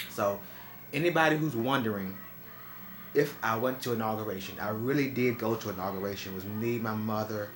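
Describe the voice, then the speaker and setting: A chatty young vlogger with a lowish, slightly bright voice talks casually and straight to camera from home. The room sounds echoey.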